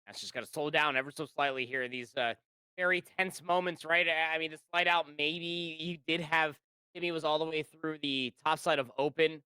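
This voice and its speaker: Male esports color caster, slightly high, chatty and rambling, dry booth sound. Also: fairly even intonation, a little fast, bright, forceful tone, smooth, no echo. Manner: rambling, chatty analysis with many fillers. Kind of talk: live esports color commentary.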